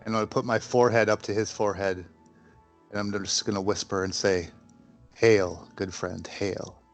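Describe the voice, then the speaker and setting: A man's voice: fairly low pitch, steady tone, fast talker, faint music behind. A man playing a tabletop game, talking casually and joking with the group. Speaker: player.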